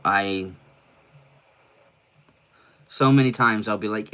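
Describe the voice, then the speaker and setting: A man's voice: low voice, sing-song, a little slow, long pauses, a bit bright. A man live streaming from his room in casual chat, laid-back and rambling, swearing freely and short of breath. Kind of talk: casual solo livestream chat. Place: his own room, indoors.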